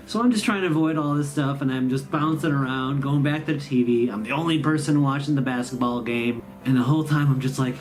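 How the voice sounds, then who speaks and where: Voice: medium pitch, normal speed, a little mellow, faint music behind. A host, telling a sarcastic, rambling comic story about the holidays. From Midwestern US. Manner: sarcastic, rambling, self-mocking. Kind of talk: comedic storytelling monologue.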